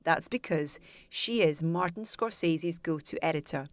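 Lower-voiced woman hosting a podcast. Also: measured pace, no room sound. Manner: chatty, laughs often. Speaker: podcast host. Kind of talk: casual interview chat.

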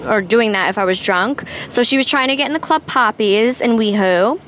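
A woman with an American East Coast accent, co-hosting a casual celebrity gossip chat, frank and relaxed. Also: fairly high pitch, normal speed, slight background noise. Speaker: co-host.

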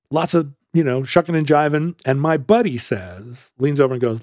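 A man in easy conversation with a lively voice that swings up and down, a little higher than most men, and he keeps slipping into other people's voices while he tells the story. He sits close to a dry, dead-sounding mic. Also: a little fast, hardly any pauses, dry recording. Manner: animated storyteller who acts out quoted voices. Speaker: podcast host. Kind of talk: casual storytelling chat.

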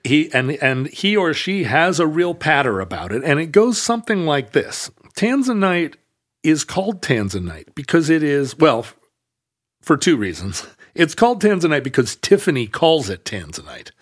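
A man's voice: fairly high pitch, big pitch swings, moderate pace. A man in his fifties, co-hosting a casual podcast, explains facts at length with many restarts and fillers. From United States. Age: 50s. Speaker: podcast co-host.

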